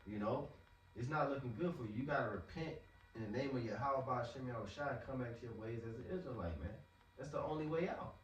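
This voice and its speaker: A man's voice: mid-range voice, quick pace, muffled recording, a little hiss or hum. A man preaching in a casual, slangy way, often repeating words as he talks. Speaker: street preacher. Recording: echoey, from far off.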